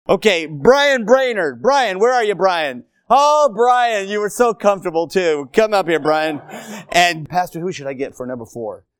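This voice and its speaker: A man preaching with animated, playful energy, teasing his congregation and calling on people from the pews. His voice sits a little high for a man, and the sound is close and dry with little room echo. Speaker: pastor. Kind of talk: lively sermon. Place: church auditorium.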